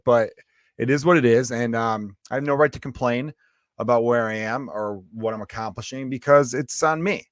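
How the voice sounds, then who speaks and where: A man hosts his own podcast, a stand-up comedian ranting casually and bluntly while swearing freely, with a lingering cough. His voice is mid-range, and the studio-quality recording has no room sound.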